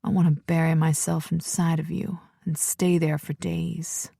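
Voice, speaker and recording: Casting: woman doing a possessive biker man in an audiobook, low voice, dry close sound. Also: flat delivery, a little slow, gravelly, warm tone, slightly rough, no room sound, exaggerated voice. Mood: insistent.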